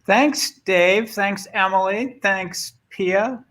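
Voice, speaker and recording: A man's voice: high-pitched, drawn-out words, a bit bright, slight background noise. A man with a Boston accent giving a conversational remote talk, often repeating words as he starts a thought. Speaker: guest speaker.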